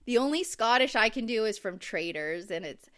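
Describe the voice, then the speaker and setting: A woman's voice: fairly high pitch, lively intonation, moderate pace, fairly bright tone, clear, resonant tone. A woman co-hosting a podcast, chatting casually and filling her talk with "like" and "um". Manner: chatty, filler-heavy, lots of "like". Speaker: podcast co-host recapping a reality show. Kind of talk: casual chat.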